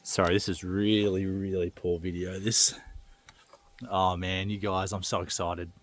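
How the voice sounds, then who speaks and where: A man vlogging while prospecting outdoors on the goldfields, keeping his voice low with breathy exclamations. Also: level tone, unhurried. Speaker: gold prospector.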